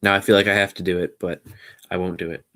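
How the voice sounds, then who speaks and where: A man hosting his own podcast stream, rambling along casually in a low-key, somewhat mumbly way. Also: level tone, fast, sharp tone, a little hiss or hum. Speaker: podcast host. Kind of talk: casual solo livestream chat.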